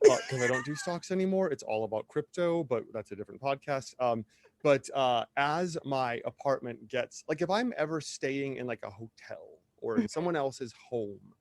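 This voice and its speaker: A middle-aged man talking as a guest on a casual podcast, lively and rambling, forever chasing side thoughts. His voice is dry and close, with no room sound around it, and sits at an ordinary pitch for a man. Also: moderate pace, no room sound. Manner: rambling, animated, wanders off on tangents. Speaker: podcast guest, drag performer.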